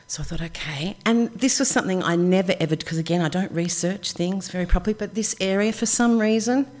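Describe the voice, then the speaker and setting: A middle-aged Australian woman telling a personal story live, chatty and animated, acting out the voices of people she quotes. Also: medium pitch, fast talker.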